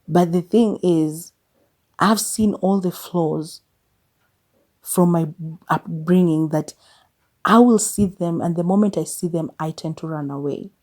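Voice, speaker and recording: Candid Kenyan woman, mellow low voice. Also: unhurried, long pauses. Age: 30s. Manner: candid, confessional, with bursts of exasperated emphasis; mixes English with Swahili phrases. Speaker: podcast host. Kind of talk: personal reflective monologue.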